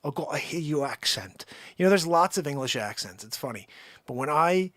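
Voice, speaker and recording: A man hosting a live stream with a slightly high voice, rambling through effusive shout-outs to his viewers. The sound is dry and close, with no room around it. His casual chat runs loose and upbeat. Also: expressive, brisk, dry recording. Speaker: livestream host.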